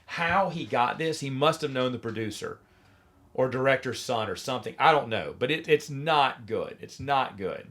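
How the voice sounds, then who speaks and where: A man's voice: medium pitch, normal speed. Opinionated man hosting a solo podcast. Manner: opinionated, sarcastic, mocks lines in a flat voice. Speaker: podcast host. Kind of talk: casual solo review monologue.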